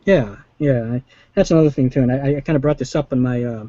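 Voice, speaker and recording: A man's voice: mid-range voice, quick pace, mellow, no echo. A man chatting casually as host, rambling and acting out quotes in raised voices. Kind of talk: casual chat. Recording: dull lo-fi call audio.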